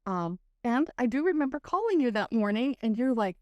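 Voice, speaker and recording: A middle-aged woman sharing a personal faith testimony as a guest, telling it in an earnest, animated way with many "like"s. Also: fairly high pitch, fairly quick, hardly any pauses, dry recording, studio quality.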